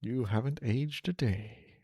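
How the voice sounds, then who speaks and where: An actor playing an excitable elderly male hobbit in a film, with a fussy, high, sing-song manner. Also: slow, breathy edge, no room sound, clean studio sound. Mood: welcoming. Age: older.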